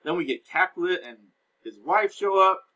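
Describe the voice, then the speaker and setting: Male teacher, bright, slightly high voice, casual lecture recap, paraphrasing scenes for students. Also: lively intonation, normal speed, poor audio. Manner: casual explaining, reads and paraphrases lines.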